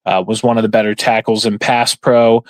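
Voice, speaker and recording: A man's voice: lowish voice, little pitch movement, a little fast, dry recording, low-quality recording. Rambling male sports podcast host. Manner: rambling, filler-heavy, opinionated. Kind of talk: casual sports talk commentary.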